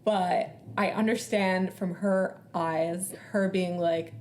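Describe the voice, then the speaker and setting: A woman's voice: on the low side, fairly even intonation, slow, hardly any pauses, darkish tone, slight background noise. A young woman co-hosting a casual book podcast, chatty and agreeable, often murmuring along. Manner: chatty, agreeable, frequent back-channel murmurs. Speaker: podcast co-host. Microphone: borrowed mic, sound a little different.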